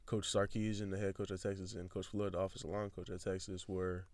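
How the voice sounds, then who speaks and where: Give me a young man with a lowish voice telling a lively story as a podcast guest. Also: a little fast, no echo. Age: young adult. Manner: animated, acts out quoted dialogue. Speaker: guest, football recruit. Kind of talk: casual storytelling.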